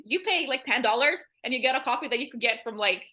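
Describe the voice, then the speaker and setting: A woman's voice: a little high, lively intonation, quick pace, pushed and bright. A woman, a language teacher, talking casually as an interview guest, rambling with lots of "like" and laughing often.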